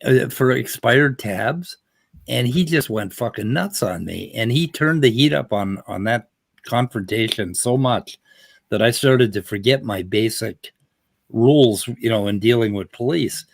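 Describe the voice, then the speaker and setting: A man from the United States telling a story casually, animated and swearing often. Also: medium pitch, a little slow, vocal fry, dry recording. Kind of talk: casual conversation.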